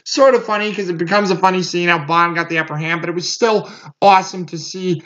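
High-voiced rambling male movie reviewer. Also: steady tone, fast talker, bright, forceful tone. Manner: rambling, many fillers and restarts. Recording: muffled lo-fi recording.

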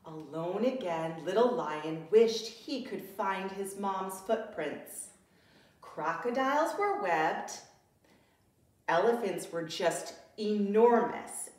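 A woman reads a picture book aloud to preschoolers, slow and deliberate with a lively, swooping voice and gasps and questions for the children. She sounds far off from the mic in a very echoey room. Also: mid-range voice. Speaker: preschool teacher.

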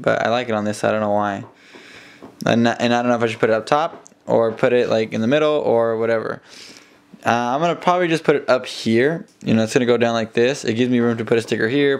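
A young man casually narrating his day to a handheld camera in a loose, rambling way, his throat a little rough. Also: medium pitch, reverberant, slight background noise. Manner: rambling, easygoing, self-talk to camera. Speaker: vlogger. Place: car, then at home indoors.

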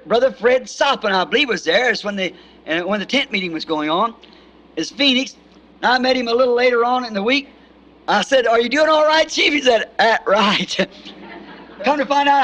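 A man's voice: sits high, pushed and bright, poor audio. A middle-aged male preacher telling folksy stories in a sermon, chuckling often as he goes. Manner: homespun storyteller, chuckles often.

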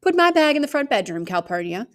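A woman's voice: sits high, sing-song, fast, pitched above the performer's own voice. A woman reading aloud, voicing a stiff, proper, bossy aunt who gives orders. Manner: commanding, prim.

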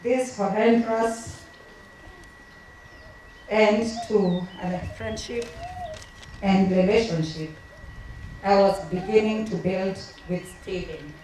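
A woman reading tributes at a memorial service, her delivery emotional, halting and tearful. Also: mid-range voice, steady tone, mellow. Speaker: family member giving a eulogy. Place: memorial gathering in a large hall. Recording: echoey hall from far off, faint noise.

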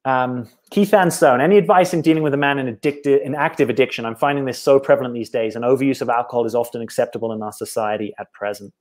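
A man's voice: mid-range voice, quick pace, few pauses. A British man, a dating coach, talking casually on a live stream, answering viewer questions in a reflective way and often adding "right?". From Britain.

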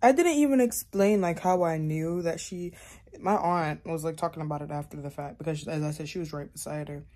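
A woman vlogger telling a story in a casual, animated way, acting out what people said with exasperation. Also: low voice, fairly quick.

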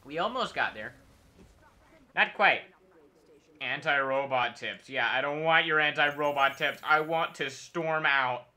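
A man's voice: on the high side, unhurried, bright, forceful tone. A man streaming a video game, talking casually and joking in a rambling, mock-patriotic way. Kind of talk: casual gameplay commentary.

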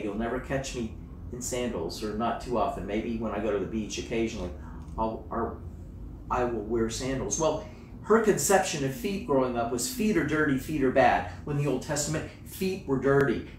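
A male pastor delivering a sermon, swinging between hushed, slow phrases and loud, emphatic exclamations. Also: mid-range voice, a little hiss or hum. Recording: roomy, distant mic with faint ambience.

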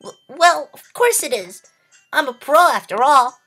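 A man's voice: very high voice, lively intonation, measured pace, sharp tone, soft background music, pitched above the performer's own voice, full character voice. A man voicing a small, assertive, prickly teenage girl who speaks brashly and defensively in a voiced game playthrough.

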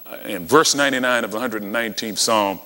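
A man's voice: on the low side, fairly quick, pushed and bright. A man preaching a sermon, telling stories with dramatic flair and acting out the dialogue. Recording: long hall reverb.

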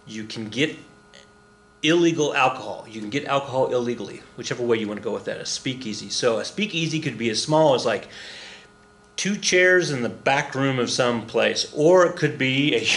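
A man's voice: medium pitch, fairly bright tone, slight background noise. A middle-aged man from Oklahoma, a history teacher giving a casual recorded lecture, chatty, with joking asides and many fillers and restarts.

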